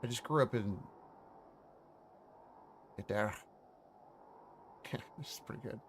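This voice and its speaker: A man's voice: fairly low pitch, slow, a little hiss or hum. A man from Pennsylvania, running a tabletop game and chatting casually with joking, rambling asides. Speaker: game master.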